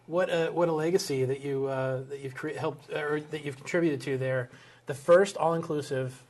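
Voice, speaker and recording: A man's voice: on the high side, fairly even intonation, moderate pace. A man hosting an interview, asking enthusiastic, curious questions. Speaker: interview host.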